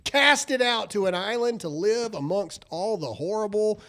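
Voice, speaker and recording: Lively high-voiced southern man. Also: measured pace. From American South. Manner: animated, laughing, riffing. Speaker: podcast host. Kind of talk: casual show chat and live-read ads.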